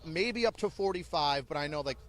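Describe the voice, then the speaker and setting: Telling stories animatedly in an interview, an army drill sergeant barks out the orders he quotes. He speaks fairly quickly in a slightly high voice.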